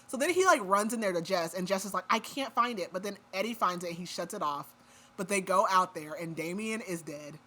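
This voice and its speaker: Speaking briskly and with animation, a woman in a medium pitch and sharp tone walks through a book's plot on a podcast. It's casual chat, packed with "like" fillers.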